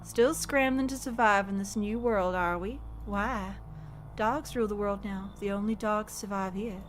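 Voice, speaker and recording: A woman voicing a cryptic, ominous stranger who speaks in slow, solemn riddles. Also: mid-range voice, slight background noise, close to an everyday voice.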